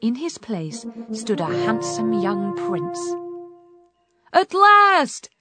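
A woman reading a fairy tale aloud, slow and expressive, over background music. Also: medium pitch. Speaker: storyteller. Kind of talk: storybook reading. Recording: music playing behind.

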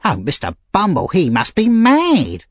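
A fretful, tearful shopkeeper's wife, put on by a man, fussing in a high, shrill voice. She swings widely up and down, and the recording is dry and close. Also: wildly swooping pitch, a little slow, breathy edge, no echo, heavily acted. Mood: indignant.

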